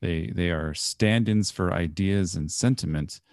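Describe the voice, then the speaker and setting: A man's voice: low voice, measured pace, darkish tone, no echo, clean studio sound. A man co-hosting a podcast, reviewing a movie in casual chat with wry storytelling and frequent laughs. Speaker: podcast co-host.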